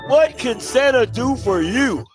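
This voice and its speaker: A man's voice: very high-pitched, animated, measured pace, over loud music. A man playing a jolly mall Santa in a comedy skit, ho-ho-ing and cracking up at the kids. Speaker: host.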